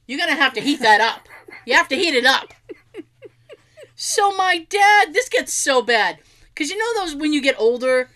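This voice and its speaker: A woman telling family stories in a casual chat, animated, swearing freely and laughing often. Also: high voice.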